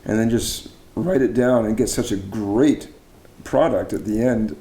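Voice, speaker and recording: A man's voice: lowish voice, unhurried, warm tone, reverberant. A middle-aged man from Canada interviewing a fellow singer, chatty and admiring. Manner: enthusiastic, admiring, chatty with restarts. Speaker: interviewer, barbershop arranger and judging chair. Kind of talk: casual interview.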